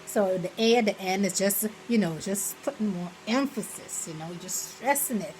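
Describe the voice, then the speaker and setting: A young woman with a Bahamian accent talks through a casual vlog in a relaxed, rambling way. Her voice sits in a middle pitch, and she often breaks into animated little quoted examples. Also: normal speed, slight background noise, low-quality recording. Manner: chatty, rambling, full of "you know" fillers; slips into lively quoted examples. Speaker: vlogger.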